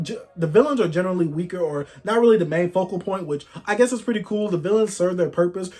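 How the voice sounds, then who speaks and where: A young adult man giving a casual, slangy review monologue, swinging between loud outbursts and hushed asides. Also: sits high. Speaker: manga reviewer.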